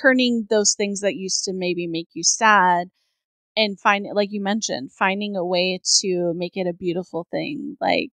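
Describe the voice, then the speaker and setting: A woman co-hosting a casual podcast, telling her stories in an open, chatty way. Her voice sits at an ordinary middle pitch. The close mic gives a dry sound with no room in it. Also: a little slow, fairly bright tone, no room sound. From Georgia, US. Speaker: podcast co-host.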